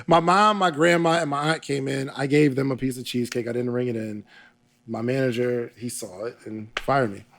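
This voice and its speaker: A young man telling a story in a casual interview, animated and laughing often as he acts out what people said. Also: medium pitch, normal speed, slight background noise. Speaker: podcaster guest.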